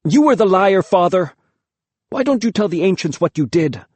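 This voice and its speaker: A man doing a shrill, defiant young boy. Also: lively intonation, moderate pace, no room sound. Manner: shrill, cracking, raised voice. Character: defiant, desperate young boy on the edge of manhood. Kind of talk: audiobook character reading.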